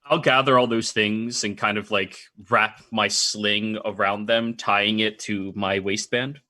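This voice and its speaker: Man, tabletop player, casual direct chat, bright tone. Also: on the low side, steady tone, a little slow.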